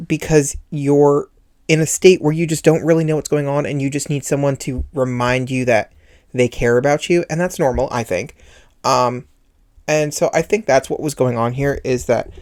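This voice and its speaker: A man hosting a podcast, telling a personal story in an earnest, confessional way, often repeating himself for emphasis. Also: medium pitch. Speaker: podcast host.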